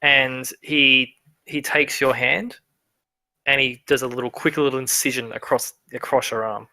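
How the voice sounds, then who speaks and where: A man's voice: mid-range voice, fairly even intonation, a little slow, sharp tone, no room sound. A man narrating a tabletop game as its game master at home, in a loose, rambling way. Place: home room.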